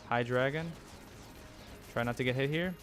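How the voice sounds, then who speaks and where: A man's voice: mid-range voice, moderate pace, fairly bright tone, faint music behind. Flustered rambling male gamer. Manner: rambling, frequent ums, flustered chatter with laughs. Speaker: gameplay commentator. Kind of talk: casual let's-play commentary.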